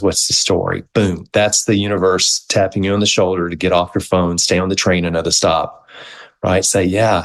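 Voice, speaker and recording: Low-voiced man telling a lively story. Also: poor audio. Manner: animated storyteller, acts out quoted dialogue. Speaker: guest, movement founder. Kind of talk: casual interview storytelling.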